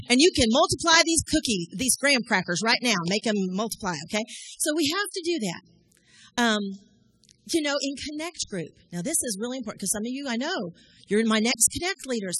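A middle-aged woman preaching a sermon in a lively, conversational way, often asking the congregation questions. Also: a little high, breathy edge, no room sound, rough recording. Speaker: church leader addressing congregation.

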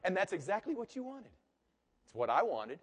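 A man preaching a sermon as pastor, swinging between hushed and loud delivery. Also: high-pitched, very animated, moderate pace. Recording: long reverb of a large hall.

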